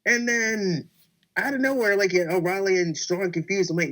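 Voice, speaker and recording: A man co-hosting a casual wrestling podcast, talking excitedly and acting out his own reactions as he recaps a show. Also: sits high, moderate pace. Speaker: podcast co-host.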